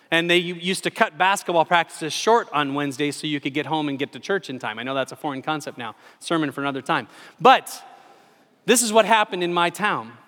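Animated preaching man in a reverberant hall. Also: a little high. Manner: storytelling, animated and self-deprecating. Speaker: pastor. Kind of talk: sermon. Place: church sanctuary. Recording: long reverb of a large hall.

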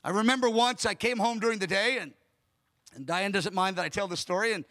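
A pastor preaches a sermon emphatically, acting out dialogue as he tells stories. His voice sits high, with a sharp tone and a slightly fast delivery.

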